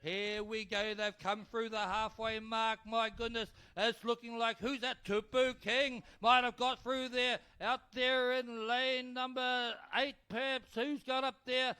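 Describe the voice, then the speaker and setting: A man calling a canoe race live as announcer, excitable and urging the crowd to cheer. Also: very high voice, unhurried, few pauses, clear, resonant tone. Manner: excitable, urges the crowd, tongue-tied at times. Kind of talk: live sports commentary. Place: outdoor regatta venue.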